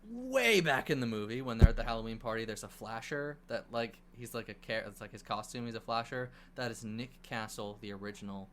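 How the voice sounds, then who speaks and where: A man co-hosting a casual movie review podcast, recapping the plot in an animated way with swearing and acted-out quotes. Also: mid-range voice, a little fast, hardly any pauses, a little hiss or hum. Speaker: podcast co-host.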